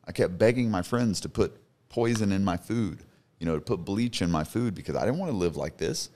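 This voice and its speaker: A man's voice: low-pitched, animated, fairly quick, warm tone. A man in his thirties, a podcast guest, telling his personal story in an earnest, emphatic way. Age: 30s. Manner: earnest, emphatic, repeats for stress.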